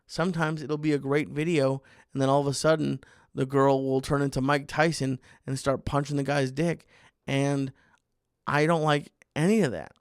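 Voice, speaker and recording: A man's voice: medium pitch, little pitch movement, moderate pace, smooth, no echo, clean studio sound. A man hosting a comedy podcast, rambling through a monologue with restarts and mock exasperation. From United States. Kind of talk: comic monologue.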